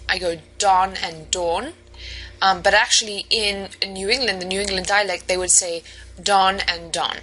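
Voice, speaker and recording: A woman's voice: medium pitch, pushed and bright, poor audio. A woman instructor giving a recorded online lecture, explaining step by step with frequent ums and restarts. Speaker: university instructor.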